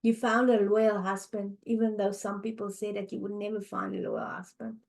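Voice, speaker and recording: A middle-aged woman hosts her own podcast from home in the early morning. She is tired and close to tears, and her speech is heartfelt and halting, full of restarts. Her voice sits at an ordinary middle pitch. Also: little pitch movement, gravelly, darkish tone. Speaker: podcast host. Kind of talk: emotional personal monologue.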